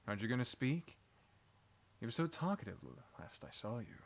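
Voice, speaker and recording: A man voicing a cool, sly mysterious stranger who talks low and quietly in a taunting way. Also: big pitch swings, brisk, vocal fry.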